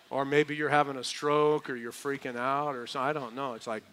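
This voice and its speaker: A man's voice: medium pitch, steady tone, brisk, hardly any pauses, fairly bright tone, slight background noise. A middle-aged man preaching a verse-by-verse sermon as pastor, conversational with joking asides. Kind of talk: expository sermon.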